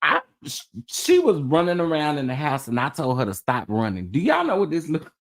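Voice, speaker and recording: A man hosts a casual gossip chat show, animatedly telling stories to his viewers with plenty of laughing and exclaiming. His voice is a little high and brisk.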